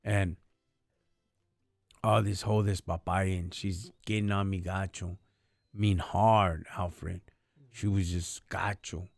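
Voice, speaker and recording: A man's voice: low-pitched, level tone, takes it slowly, creaky, long pauses, dry recording, studio quality, faint music behind. A man hosting a live stream, telling stories in a slangy, casual and earnest way. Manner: slangy and street-casual, often says "dog" and "homie"; earnest, faith-focused. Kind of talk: casual storytelling chat.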